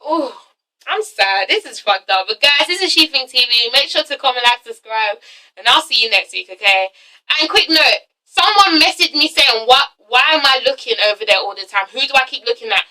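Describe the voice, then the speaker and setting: Young woman vlogger, high and very bright voice, emphatic and outspoken, swears a lot, keeps checking in with "okay?", mic set back a little. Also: normal speed, recorded from a distance, poor audio. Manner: emphatic, swears freely, frequent okay and all right tags; animated, acts out quotes with big pitch jumps. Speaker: vlogger reviewing a reality show. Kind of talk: casual vlog review.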